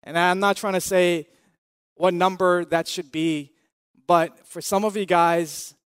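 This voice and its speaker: A man's voice: sits high, steady tone, unhurried, smooth, no echo, studio quality. A man in his thirties preaching a sermon in an earnest, conversational way, repeating key phrases and asking the listeners questions. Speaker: pastor.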